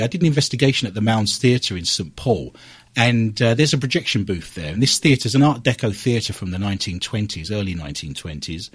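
Husky, swooping male radio host. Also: mid-range voice, dry recording. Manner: dramatic, playful delivery with big swoops and drops. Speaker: radio quiz show host; paranormal investigator. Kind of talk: theatrical scripted introduction, then casual storytelling.

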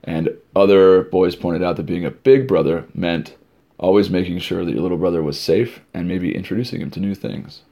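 A middle-aged man, a camp director, telling stories for an informal podcast in an animated way. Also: low-pitched, normal speed, gravelly. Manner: animated storyteller, acting out crowd shouts.

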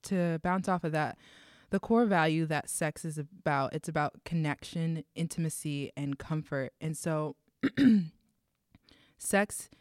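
A young woman with a smooth, radio-style voice, talking through ideas in a measured, reflective way. The sound is dry and close, with no room around it. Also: sits low, no room sound. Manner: measured, reflective, defines terms. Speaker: co-host. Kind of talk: casual faith discussion.

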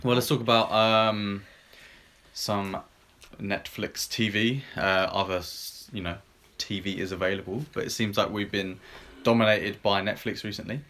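A man hosting a podcast in casual chat, giving his views in a relaxed way and steering the talk to the next topic. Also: fairly low pitch, normal speed. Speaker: podcast host.

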